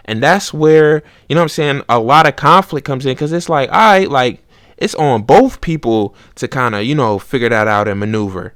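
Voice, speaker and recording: A man's voice: medium pitch, moderate pace, fairly bright tone, no echo. Man in a dry casual podcast monologue. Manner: conversational, street slang, acts out both sides of arguments. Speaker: podcast host.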